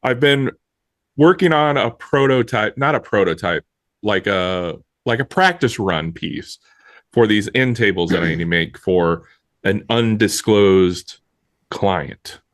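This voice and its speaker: A man's voice: fairly low pitch, slow, dry recording. A man co-hosting a casual podcast, joking and self-mocking with friends, turning earnest at times, on a studio podcast microphone. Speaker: podcast co-host, woodworker. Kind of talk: casual banter among friends.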